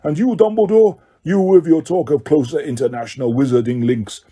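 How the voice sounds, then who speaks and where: A man's voice: on the high side, fairly quick, dark tone, husky. A man voicing an agitated foreign male headmaster who rants with bitter accusations. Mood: indignant. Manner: indignant, ranting.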